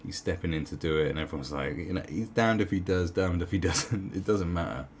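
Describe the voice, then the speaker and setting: Deep-voiced sarcastic man. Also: fairly quick, slight background noise. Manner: sarcastic, swearing, mocking asides. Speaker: online commentator. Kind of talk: casual commentary reading an article aloud.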